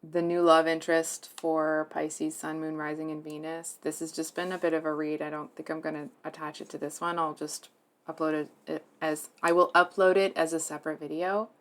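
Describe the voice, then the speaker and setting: A woman giving a tarot reading to her viewers, speaking softly and hesitantly, earnest and emotionally moved, with many fillers and restarts. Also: sits low, level tone, moderate pace. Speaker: tarot reader.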